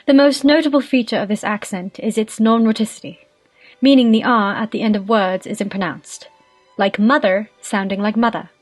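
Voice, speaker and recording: A young woman presenting a scripted lesson on English accents, reading in a steady explanatory way. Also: mid-range voice, moderate pace, faint music behind. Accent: Irish. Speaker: student presenter.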